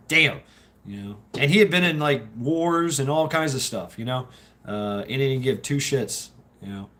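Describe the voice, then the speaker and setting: A man's voice: medium pitch, expressive, unhurried, fairly bright tone. A Southern man hosting a livestream, talking casually in a rambling, profane way with lots of laughter. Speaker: livestream host.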